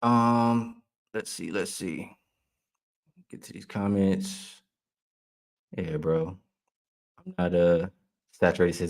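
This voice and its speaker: A man with a notably low voice hosts a sports betting livestream. He talks casually, reads comments from the chat and answers them, and laughs easily along the way. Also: a little mellow. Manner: casual, heated when ranting at a chat troll; laughs often while reading comments. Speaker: sports betting show host.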